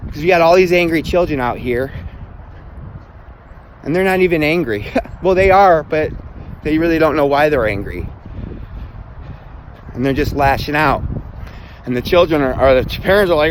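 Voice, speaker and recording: A man's voice: on the high side, lively intonation, normal speed, pauses often, a little hiss or hum. Blunt, foul-mouthed motivational man. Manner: blunt, heavy swearing, emphatic. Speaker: self-help vlogger. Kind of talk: profane motivational rant.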